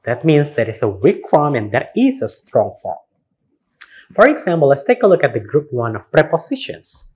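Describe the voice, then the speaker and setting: A man with an Indonesian accent teaching phonetics in a recorded university lecture, slowly spelling out words and repeating them. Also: mid-range voice, very animated, a little mellow, slightly rough. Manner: slow, spells words letter by letter, repeats words for practice.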